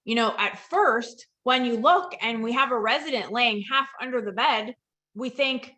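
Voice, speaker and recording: A woman's voice: fairly high pitch, moderate pace. A woman who works in dementia care, telling a story to a virtual audience over a video call and acting out the dialogue. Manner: lively storytelling that acts out quoted dialogue. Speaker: dementia care professional and presenter. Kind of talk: storytelling presentation.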